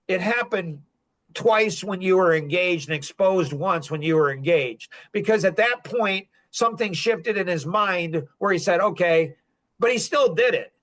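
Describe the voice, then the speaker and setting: Middle aged guy on a podcast, kinda high voice, intense and angry when he gets going. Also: fairly bright tone. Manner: intense, rising to angry outbursts. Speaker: podcast guest sharing his story. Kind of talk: emotional podcast conversation.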